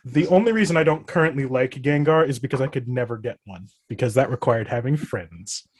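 A man chatting casually on a podcast, wry and quick to laugh. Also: medium pitch, darkish tone, husky, no echo. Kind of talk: casual group chat.

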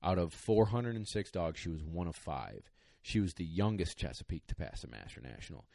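A man's voice: low voice, fairly quick, gravelly, no echo. A young man, a dog trainer, casually telling a podcast story in a rambling, emotional way with lots of fillers. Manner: rambling, excited, many fillers.

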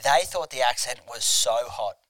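A man's voice: medium pitch, normal speed, a bit bright, dry recording. A young Australian man hosting a casual comedy podcast, rambling and crude as he tells stories. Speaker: podcast host.

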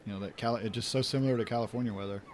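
A man's voice: on the low side, steady tone, racing, slight background noise. A man hosting a podcast, giving a rambling, chatty commentary while watching an episode with a guest. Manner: rambling, chatty, laughs easily. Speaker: podcast host. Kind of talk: casual commentary chat.

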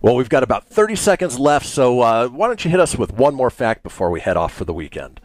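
A man's voice: mid-range voice, sing-song, fast, no echo. A man hosting a radio show, bantering casually and wryly teasing his co-host. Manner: wry, joking, teasing co-host. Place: radio studio.

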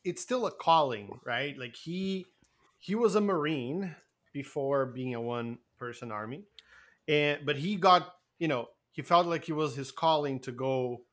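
A young man co-hosting a casual comedy podcast, rambling and joking with friends. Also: medium pitch. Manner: rambling, puts on a loud Southern preacher drawl for laughs. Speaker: podcast co-host.

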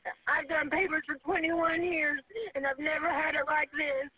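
A high-pitched woman in her forties, crying and pleading on an emergency call. Her panicked voice breaks into nervous laughter. It comes through a thin, tinny phone line. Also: level tone, normal speed, a crowd in the background. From Arkansas, USA. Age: 40s.

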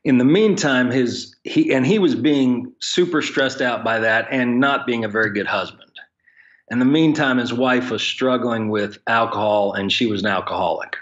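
A man's voice: medium pitch, moderate pace, muffled recording. A man who leads a ministry for pastors, telling stories frankly and with blunt humor as a podcast guest. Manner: frank, joking storyteller with plain blunt wording. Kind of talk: conversational podcast storytelling.

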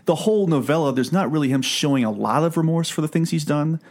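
A man's voice: fairly high pitch, quick pace, darkish tone. A man hosting a casual podcast chat, talking in a chatty, jokey way. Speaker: podcast host.

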